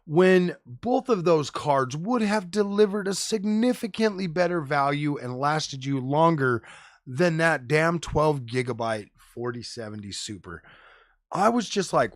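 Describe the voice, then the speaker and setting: Casual male tech streamer, fired-up slangy rant, fairly high voice, dry close sound. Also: normal speed, no room sound. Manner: animated, profane, slangy with frequent "bro" and "dude".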